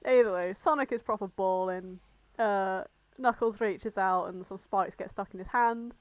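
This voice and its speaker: A woman's voice: mid-range voice, fairly even intonation, normal speed, no echo. A woman co-hosting a podcast, chattily retelling a fan fiction with giggles and casual swearing. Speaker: podcast co-host. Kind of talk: casual fanfic review chat.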